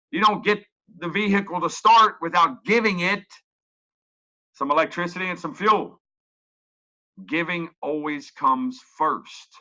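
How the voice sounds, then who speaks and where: A man's voice: high voice, bright, forceful tone, highs cut off. A man presenting a webinar as a coach, talking in a folksy, emphatic way and repeating his key points. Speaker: real estate coach.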